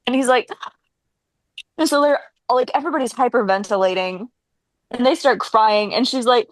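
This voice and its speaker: A woman's voice: sits high, normal speed, no room sound. A young woman co-hosting a casual chat, retelling a film's plot and acting out the characters' lines. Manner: animated, acts out characters' lines.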